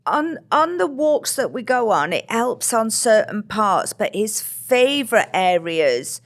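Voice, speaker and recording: A woman co-hosting a podcast, chatting casually and telling animated stories about her dog. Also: a little high, slow pace. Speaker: podcast co-host. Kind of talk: casual chat.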